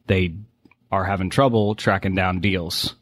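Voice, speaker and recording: Low-pitched and steady, with no room sound, this forty-something man from Boston has only a faint, largely hidden New England accent. Appearing as a guest on a podcast, he chats casually, telling stories and dropping quick asides.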